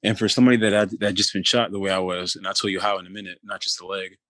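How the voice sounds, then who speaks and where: A man in his thirties tells his own story in an interview, speaking low and with little rise and fall. His voice has a bright, pressing edge, and the recording is dry and close. He talks in a halting, loose way, with constant "you know"s and restarts. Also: level tone, no echo. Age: 30s. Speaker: interview guest. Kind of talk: telling a personal story in conversation.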